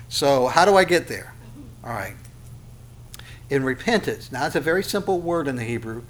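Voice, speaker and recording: A man preaching a sermon, animated, asking rhetorical questions and repeating phrases for emphasis. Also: mid-range voice, moderate pace, long pauses, slight background noise. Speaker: pastor.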